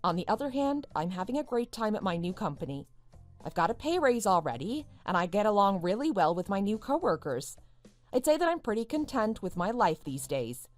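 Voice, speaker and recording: A woman's voice: mid-range voice, big pitch swings, a little fast, faint music behind, lightly acted. A woman narrating as a content young woman, sounding upbeat and relieved. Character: content young woman moving on after a breakup. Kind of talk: first-person story narration.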